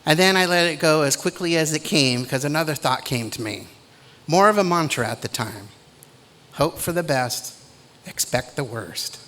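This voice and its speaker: A middle-aged man giving a commencement speech in a measured, deliberate way, with pauses between phrases. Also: on the high side, expressive, sharp tone, slight background noise. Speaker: commencement speaker.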